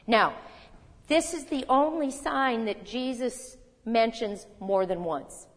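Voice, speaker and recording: A woman in her sixties teaching a sermon in a conversational, animated way, reading scripture aloud with emphasis. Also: on the high side, takes it slowly. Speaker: Bible teacher. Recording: long hall reverb.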